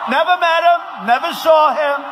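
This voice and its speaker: A man from the United States giving a campaign rally speech, shouting and repeating phrases for emphasis. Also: extremely high pitch, moderate pace. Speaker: politician addressing a rally. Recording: rally recording with clear background noise.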